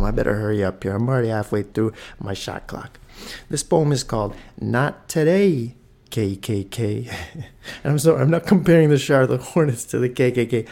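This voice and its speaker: Gravelly man telling a story. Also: medium pitch. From Toronto, Canada. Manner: animated, swears freely, adds punchy sound effects. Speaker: podcast host. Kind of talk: casual storytelling monologue.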